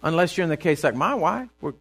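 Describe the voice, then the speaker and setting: A man's voice: a little high, fast talker. A pastor preaching a sermon from a church pulpit in plain, folksy words, acting out the voices of the people he describes. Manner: animated, acts out voices of people he quotes.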